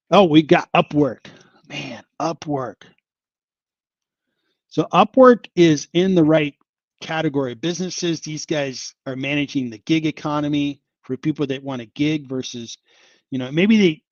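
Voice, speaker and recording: A man's voice: medium pitch, no echo, muffled recording. A man hosting a casual investing livestream, chatting about stocks and sighing and exclaiming over a falling market. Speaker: investing channel host.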